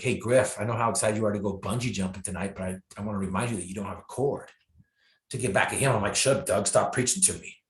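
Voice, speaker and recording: A man, a guest speaker, telling a personal story in an interview with self-deprecating humor, acting out the lines of the people in it. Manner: animated storyteller, acts out his own and others' lines with bursts of pitch and volume. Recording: echoey room.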